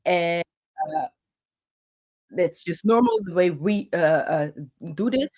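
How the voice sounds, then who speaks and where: A woman tells a personal story to her viewers, speaking with passion and gesturing with her hands as she talks. Her voice sits a little low, and she pauses often, restarts phrases and fills gaps with ums and uhs. She speaks into a handheld microphone. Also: animated, darkish tone. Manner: halting, many fillers and restarts. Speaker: channel host.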